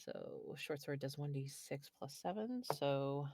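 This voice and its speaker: A woman playing a tabletop game online, describing her character's actions in a lively way. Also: rumbling low, measured pace, creaky, no echo, studio quality. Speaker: player.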